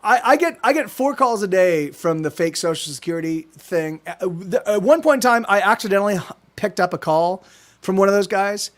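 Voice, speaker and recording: A man's voice: sits high, expressive, a little fast. A man chatting casually on a livestream, rambling with many restarts and frequent swearing, from his small apartment. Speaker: streamer.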